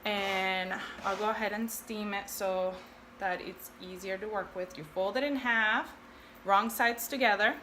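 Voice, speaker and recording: A woman's voice: mid-range voice, fairly even intonation, a little slow, sharp tone, a little hiss or hum. A woman hosting a casual sewing tutorial, chatting and thinking aloud with self-deprecating asides. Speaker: sewing video host.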